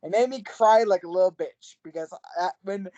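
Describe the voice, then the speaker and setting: A woman's voice: mid-range voice, moderate pace, warm tone, dry recording, highs cut off. A woman co-hosting a casual podcast chat, talking freely and filling with "like" and "you know". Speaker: podcast co-host. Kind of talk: casual chat over a call.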